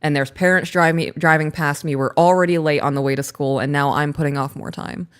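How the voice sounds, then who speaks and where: A woman in her thirties, co-hosting a casual chat and telling a story in an animated way, laughing as she talks. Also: low-pitched, a little fast, smooth. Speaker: podcast co-host.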